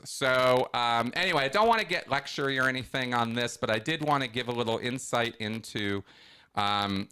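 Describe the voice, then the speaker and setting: A middle-aged man hosts a call-in show, delivering a casual, animated monologue full of emphasis and frequent restarts. His pitch sits in the middle range.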